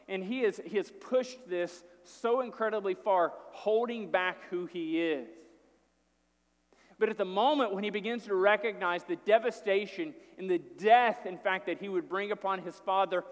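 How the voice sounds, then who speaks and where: A man's voice: high voice, moderate pace, in a large hall. A man preaching a sermon, retelling a story with acted-out quotes and casual asides.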